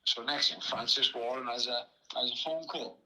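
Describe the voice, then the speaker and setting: A man's voice: medium pitch, fairly even intonation, normal speed, bright, forceful tone, rough recording. A man with a Welsh accent, a podcast guest telling a rambling anecdote, laughing often and restarting his sentences. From Wales. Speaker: podcast guest, former boxer. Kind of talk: casual storytelling.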